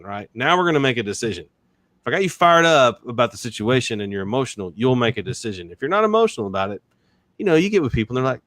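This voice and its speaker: Energetic man telling sales stories. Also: medium pitch, fast talker, dry recording, studio quality. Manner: energetic storyteller, acts out quoted voices, laughs often. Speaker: guest, sales and negotiation expert. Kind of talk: animated podcast interview.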